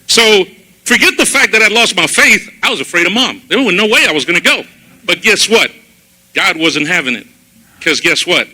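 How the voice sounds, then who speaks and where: Bright, high-voiced man giving testimony. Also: rough recording. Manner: animated storytelling, acting out his own past words. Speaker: church testimony speaker. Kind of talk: personal testimony sermon. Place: church service.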